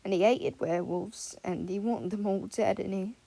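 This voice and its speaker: A woman voicing a shy teenage boy wizard, quiet and hesitant. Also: mid-range voice, fairly even intonation, normal speed, vocal fry.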